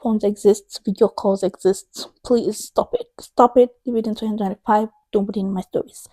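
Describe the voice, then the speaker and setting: A woman's voice: mid-range voice, fairly even intonation, normal speed, warm tone, dry recording. A woman in her thirties chatting in a book vlog, emphatic and exasperated, repeating herself for effect. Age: 30s. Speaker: book vlogger.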